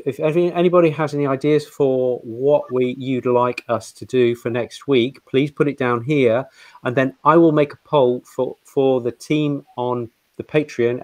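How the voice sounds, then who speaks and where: A man's voice: mid-range voice, no room sound. A man co-hosting a podcast, reading out notices for listeners and stumbling over his restarts. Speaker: podcast co-host. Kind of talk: casual chat and announcements.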